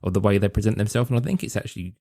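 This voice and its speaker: Easygoing low-voiced man, dry close sound. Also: rapid-fire, warm tone, no echo. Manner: easygoing, thinks aloud with ums and you-knows. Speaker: podcast co-host. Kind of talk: casual chat.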